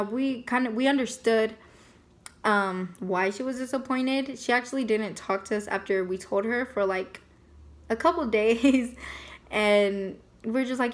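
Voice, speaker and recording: A young woman casually telling a personal story, chatty and full of fillers. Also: mid-range voice. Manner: chatty, many fillers like "like" and "you know". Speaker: family vlogger.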